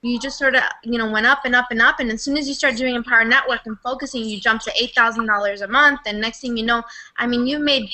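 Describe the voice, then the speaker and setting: A woman speaks on a video call in a fairly high, very bright, sharp voice. She chats eagerly and supportively, with fillers running through her sentences. The talk is casual and lively. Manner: enthusiastic and supportive, talks quickly with fillers. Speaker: guest on a video hangout. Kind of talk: casual chat.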